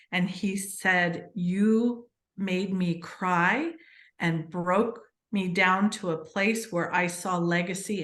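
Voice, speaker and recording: Speaking at a fairly low pitch in a reverberant space, this podcast guest talks about her book with earnest animation. She tells stories laced with plenty of fillers during the relaxed interview.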